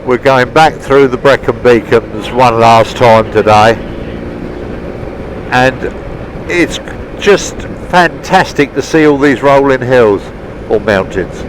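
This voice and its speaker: A chatty middle-aged man with a mid-pitched voice, commenting cheerfully while he rides a motorbike. His helmet mic catches loud rushing wind and engine noise the whole time. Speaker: motorbike vlogger. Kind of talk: casual ride commentary. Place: outdoors on a moving motorbike.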